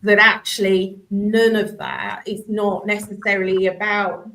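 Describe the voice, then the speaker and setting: A woman's voice: mid-range voice, flat delivery, unhurried, fairly bright tone, poor audio. A woman hosting a conversation, speaking thoughtfully and searching for her words. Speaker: host. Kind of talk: reflective conversation.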